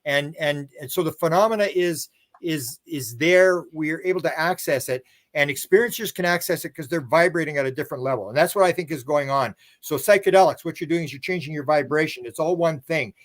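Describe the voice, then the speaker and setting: An older man, a guest author and researcher, spins long, meandering stories during a casual interview, acting out what other people said. His voice is fairly high-pitched and brisk.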